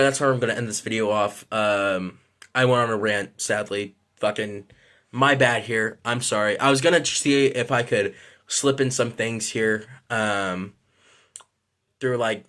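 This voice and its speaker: A man's voice: fairly low pitch, fairly even intonation, unhurried, a bit bright. A man ranting in a casual vlog, frustrated and rambling, swearing often and apologizing for it. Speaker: vlogger.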